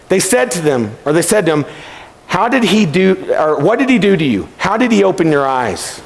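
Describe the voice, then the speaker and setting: A man giving a youth camp sermon, telling stories and acting out voices in an animated way. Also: a little high, moderate pace, vocal fry. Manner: animated, acts out voices in the story. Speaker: camp speaker. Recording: long hall reverb.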